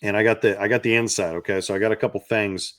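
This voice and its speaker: A man with a lowish voice runs a sports betting picks show, pushing his plays in a hyped, salesy patter that circles back on itself. The sound is dry and close, with no room around it. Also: fairly even intonation, fast, a bit bright, dry recording. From not from the South. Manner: hyped, salesy, repeats phrases. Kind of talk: energetic betting-picks monologue.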